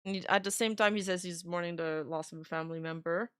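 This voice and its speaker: A woman's voice: fairly low pitch, steady tone, fast, clear, resonant tone, no echo, clean studio sound. A woman commenting casually on online drama, reading messages aloud and giving blunt, chatty opinions. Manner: opinionated, chatty, with frequent fillers. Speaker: VTuber commentator.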